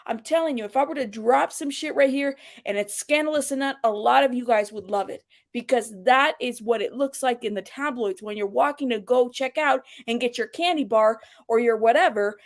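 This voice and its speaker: A woman hosting her own commentary channel, talking bluntly and sarcastically and swearing freely. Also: sits high. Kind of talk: casual commentary.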